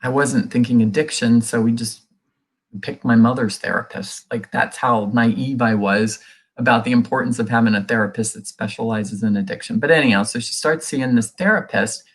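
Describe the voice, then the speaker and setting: A woman's voice: rumbling low, normal speed, slightly rough. A middle-aged woman, a guest in an interview, telling a personal story in an earnest, conversational way and acting out what people said. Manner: earnest, reenacts quoted dialogue in her telling; many fillers and restarts, conversational. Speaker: guest sharing a recovery story.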